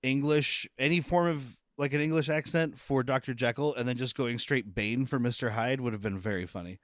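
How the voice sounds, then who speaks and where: A man's voice: medium pitch, brisk, no echo, studio quality. A man co-hosting a casual movie-review podcast, joking and swearing as he rambles through his points. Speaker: podcast co-host.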